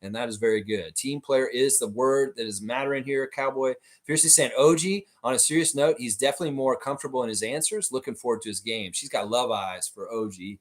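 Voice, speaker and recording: A man's voice: mid-range voice, a little fast, few pauses. Chatty man reading a live chat. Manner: reads chat messages aloud and riffs on them, laughing often; frequent "in some ways" and "uh" fillers. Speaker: livestream host. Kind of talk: casual live watchalong commentary.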